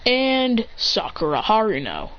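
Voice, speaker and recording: A woman casually narrating a fan story in a rambling, excitable way. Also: on the high side, measured pace. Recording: dull lo-fi with faint hiss.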